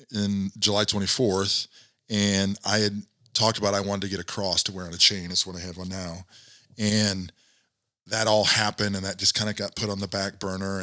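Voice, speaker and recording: Middle-aged guy telling a heavy personal story, bright forward voice, lots of ums, kinda low. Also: no room sound, studio quality. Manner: earnest, reflective, many fillers. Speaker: guest.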